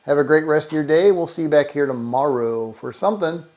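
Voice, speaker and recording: A man hosting a casual livestream, counting out money and reading viewer comments aloud in a relaxed, thinking-aloud way. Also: a little high, fairly quick. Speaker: livestream host. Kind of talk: casual live-stream chat.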